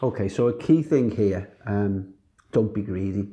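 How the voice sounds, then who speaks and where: A man's voice: lowish voice, a little slow, mellow. A British man, a boxing coach, talking casually to camera in a loose, rambling way with frequent ums and restarts. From United Kingdom. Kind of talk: casual online coaching talk.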